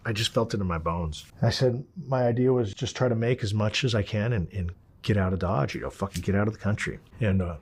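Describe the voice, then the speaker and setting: A man's voice: on the low side, fairly quick, few pauses, darkish tone, breathy edge. A man telling a story as an interview guest, in a blunt and profane way, acting out what people said. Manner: blunt and profane, acts out quotes. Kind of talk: casual storytelling.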